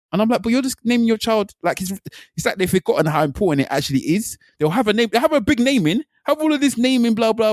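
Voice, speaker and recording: A man chats casually on a podcast. He talks in animated bursts, repeating himself and laughing. The sound is dry and close. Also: high-pitched, no echo. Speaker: podcast co-host. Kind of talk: casual chat.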